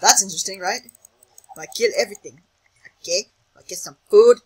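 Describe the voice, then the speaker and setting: A man's voice: sits high, fairly quick, breathy edge, rough recording. Jittery young man narrating his gameplay. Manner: jittery, self-mocking, repeats words in sing-song chants. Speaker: gaming channel host. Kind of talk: casual gameplay commentary.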